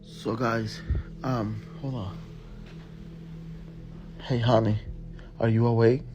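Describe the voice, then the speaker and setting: A man filming himself on a phone at home at night, talking in a hushed, shaky voice and swearing under his breath. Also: mid-range voice, level tone, slow, highs cut off, music in the background. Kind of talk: scared handheld night vlog. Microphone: phone camera. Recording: noisy phone video recording.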